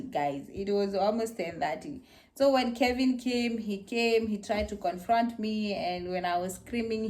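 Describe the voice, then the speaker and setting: A young woman casually telling viewers her birth story, acting out her screams and the voices of others. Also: mid-range voice. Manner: animated, acts out her screams and quotes.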